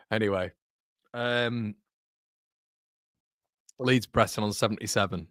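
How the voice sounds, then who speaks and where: A man's voice: on the low side, a bit bright, no echo, studio quality. A young man hosting a live football watchalong, chatty and casual, who keeps breaking into giggles. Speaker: host.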